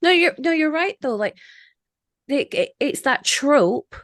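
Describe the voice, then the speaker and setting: A woman hosting a podcast in casual discussion, animated and opinionated, with frequent "like" fillers. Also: high-pitched, a little slow, no echo, studio quality. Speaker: podcast host.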